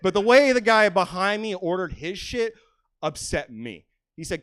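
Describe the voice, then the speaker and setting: A young man doing a stand-up set in a small comedy theater, brash and profane, swinging between loud rants and muttered asides. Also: high voice, very animated, moderate pace, dry recording. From California. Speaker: stand-up comic.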